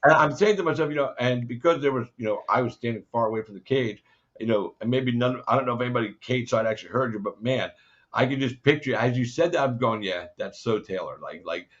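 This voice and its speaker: A man's voice: mid-range voice, quick pace, fairly bright tone. A man hosting a casual interview, rambling with many fillers and frequent swearing. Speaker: podcast host. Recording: dull lo-fi audio.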